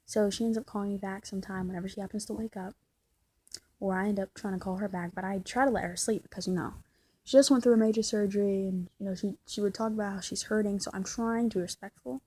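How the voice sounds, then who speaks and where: A woman with a husky, breathy voice vents in a casual vlog rant. She rambles, circling back with frustrated asides, at an ordinary middle pitch. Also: steady tone, fast talker, mellow.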